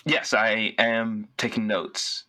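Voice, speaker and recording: Guy with a bright forceful voice rambling in character at a tabletop game. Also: on the low side, level tone, slow pace. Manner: rambling, lots of fillers. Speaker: player. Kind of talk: in-character casual role-play.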